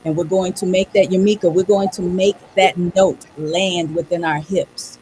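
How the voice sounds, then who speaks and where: A woman's voice: on the low side, fairly even intonation, moderate pace, darkish tone, a little hiss or hum, poor audio. Woman guiding a vocal exercise. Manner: directive, calls on participants by name. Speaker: voice workshop co-leader. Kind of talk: guided vocal exercise instruction.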